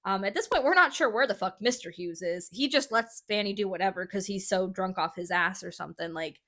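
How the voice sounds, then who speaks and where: A woman's voice: mid-range voice, brisk, a bit bright. A woman hosting a podcast, telling a history story in casual chat, swearing freely and filling gaps with "like" and "you know.". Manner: chatty, swears freely, many fillers.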